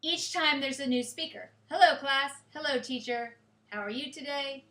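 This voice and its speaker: Woman teacher, high pitch, bright tone, echoey classroom, explains and checks in with students. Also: moderate pace. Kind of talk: classroom grammar lecture.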